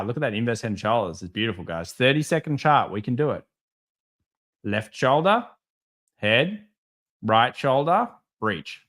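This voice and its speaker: A man hosting a live market stream, reading viewer comments and answering them with sarcastic jokes and animated stories. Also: medium pitch. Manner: sarcastic, joking, animated storytelling.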